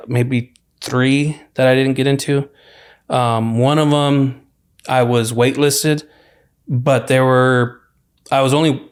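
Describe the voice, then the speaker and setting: A young man from California, a university student, telling his story as a podcast guest in a relaxed, rambling way, full of "like" and "you know". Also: medium pitch, smooth. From California, USA. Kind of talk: casual storytelling interview.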